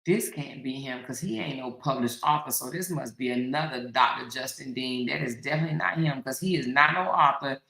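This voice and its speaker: A woman talking casually to her viewers as a host, speaking in with animated, dramatic exclamations. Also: extremely low pitch, fairly quick, creaky, few pauses, echoey room, poor audio. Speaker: commentary livestream host.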